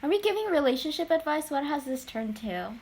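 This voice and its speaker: A teenage girl co-hosting a podcast, bubbly and giggly, jumping in with quick reactions. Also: high voice, very animated, a little mellow, slight background noise. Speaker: podcast co-host. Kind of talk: casual chat.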